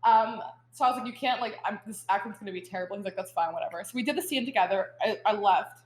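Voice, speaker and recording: Young woman, podcast guest, chatty and animated, mid pitch, echoey room. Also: fast. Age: young adult. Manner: chatty, full of "like" fillers, animated storytelling. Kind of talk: casual podcast interview. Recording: roomy echo.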